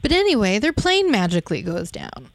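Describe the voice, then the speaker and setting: A woman's voice: medium pitch, wildly swooping pitch, a little fast, no room sound. A woman co-hosting a podcast, bluntly recapping a film plot in casual chat. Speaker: podcast co-host.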